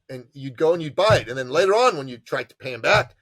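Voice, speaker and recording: A man, an entrepreneur advisor and podcast guest, telling stories with passion and emphasis and acting out quotes in lively voices. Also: a little high, fast, few pauses, dry recording. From immigrant to Canada from a tyrannical country. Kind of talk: animated storytelling interview.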